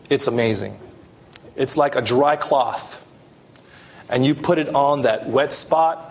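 A male pastor delivering a sermon at an unhurried pace, his voice pitched in an ordinary middle range. He talks earnestly, lifting his voice to stress a point, then dropping it low and soft. Faint room ambience sits behind him. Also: slight background noise. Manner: earnest, rising emphasis and soft drops.

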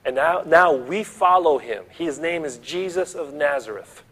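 A man's voice: a little high, animated, a little slow, a bit bright, slightly rough. A man preaching a sermon, retelling a story vividly and speaking straight to his listeners.

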